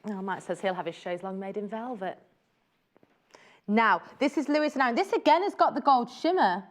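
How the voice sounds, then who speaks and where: Fairly high-pitched and animated, a woman speaks fairly quickly as she presents fabrics in a live TV selling chat. She gushes and exclaims over each print.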